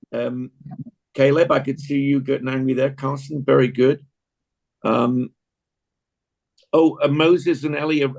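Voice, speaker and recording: A man's voice: mid-range voice, poor audio. An older man with an English accent, teaching an acting class in a chatty, encouraging way and praising his students often.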